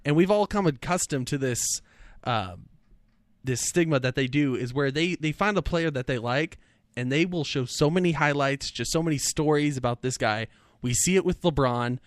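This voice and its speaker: A man's voice: fairly high pitch, moderate pace, dry recording, clean studio sound. Easygoing laughing sports co-host man. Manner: easygoing, laughs often, storytelling. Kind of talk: casual sports chat.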